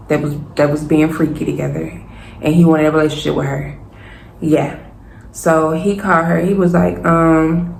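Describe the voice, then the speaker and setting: A young woman telling a storytime to her viewers, animated and casual, addressing them directly. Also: deep voice, creaky. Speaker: vlogger. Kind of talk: storytime vlog. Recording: roomy echo, faint noise.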